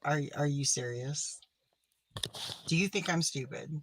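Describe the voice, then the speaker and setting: A man's voice: a little high, measured pace, a little hiss or hum, low-quality recording. A man playing Dana, a petty scolding streamer woman. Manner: accusing and self-righteous, dropping into sharp whispers. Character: petty, vindictive woman livestreamer scolding her viewers. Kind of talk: comedic sketch monologue.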